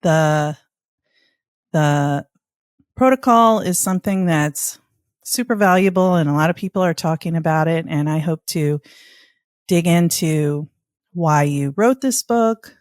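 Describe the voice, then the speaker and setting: A woman's voice: low voice, measured pace, long pauses, no room sound, studio quality. A woman hosting a podcast, opening the interview with upbeat, loosely strung questions. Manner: upbeat, rambling intro questions. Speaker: podcast host.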